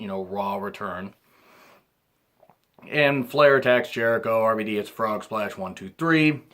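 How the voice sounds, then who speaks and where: Man clearing his throat through a rambling recap. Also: lowish voice, fairly bright tone. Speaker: wrestling reviewer. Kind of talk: casual recap commentary.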